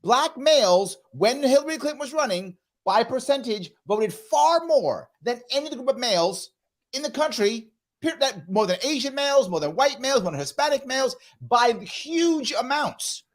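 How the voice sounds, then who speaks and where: A man's voice: extremely high pitch, expressive, moderate pace. A man hosting a live panel discussion, emphatic and agreeable, pressing his points. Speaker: host.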